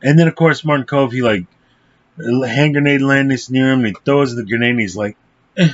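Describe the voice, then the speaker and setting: Man, mid-pitched voice, casual movie review, blunt, swears freely, rambling with fillers, dull lo-fi sound. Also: fairly quick. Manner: blunt and profane, with frequent fillers. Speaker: film reviewer.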